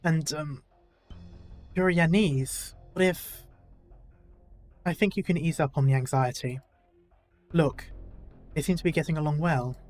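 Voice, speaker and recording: A man's voice: fairly high pitch, a little slow, long pauses, darkish tone, soft background music. A male gaming YouTuber reading a game's story dialogue aloud in a casual way, with self-deprecating asides.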